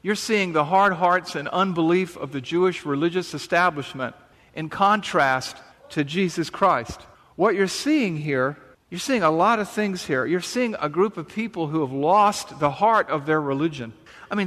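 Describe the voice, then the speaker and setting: A man's voice: on the high side, moderate pace, fairly bright tone. A man preaching a sermon, reading scripture and then explaining it earnestly and emphatically, with frequent rhetorical questions. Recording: reverberant hall sound.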